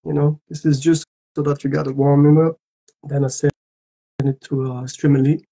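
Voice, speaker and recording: A man's voice: on the high side, little pitch movement, moderate pace, creaky, dark tone, husky, rough recording. A man from Algeria, a voice actor chatting playfully with fans at a live autograph session and joking in several languages. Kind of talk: casual livestream chat.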